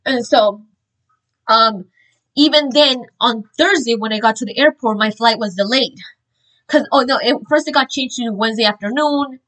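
Woman sharing her testimony, high bright voice, lots of "like" and restarts, super earnest. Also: normal speed, poor audio. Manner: earnest, animated storytelling with frequent "like" and restarts. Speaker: speaker sharing a religious testimony. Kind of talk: informal spoken testimony.

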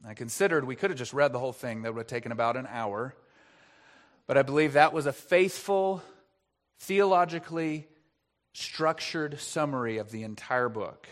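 A man preaching an expository sermon as pastor, earnest, asking rhetorical questions and stressing key words. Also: medium pitch.

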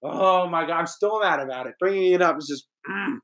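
A young man co-hosting a sports betting podcast, ranting angrily and profanely in a fast run-on way. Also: high-pitched, a bit bright. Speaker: podcast co-host. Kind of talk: casual sports betting rant.

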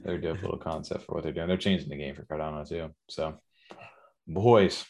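A man's voice: very deep voice, steady tone, a little fast, creaky, a little mellow. A man co-hosting a casual late-night podcast, laid-back and slangy, sounding tired. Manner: laid-back slangy talk, frequent "yo" and "dude". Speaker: podcast co-host.

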